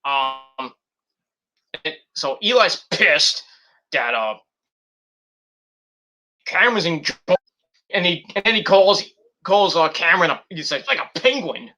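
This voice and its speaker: Speaking a bit slowly with long pauses, a man with a higher-pitched voice goes over a wrestling show in a casual vlog, cursing openly and animatedly performing what others said.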